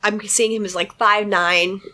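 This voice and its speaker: Bright-voiced sarcastic woman co-host. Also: medium pitch, fairly even intonation, measured pace. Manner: blunt, sarcastic, swears freely. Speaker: podcast co-host. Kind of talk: casual podcast chat.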